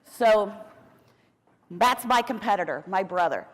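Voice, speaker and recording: A middle-aged American woman giving a keynote speech, telling her story with a lively, humorous manner. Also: medium pitch, measured pace. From United States. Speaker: keynote speaker. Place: large conference hall. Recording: long reverb of a large hall.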